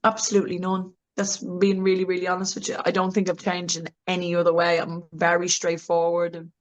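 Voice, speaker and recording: An adult film actress appears as a guest in a candid, casual interview, speaking bluntly and frankly, laughing a lot, and slipping into mocking impressions with big pitch jumps. Her voice is monotone and brisk, and the recording is rough.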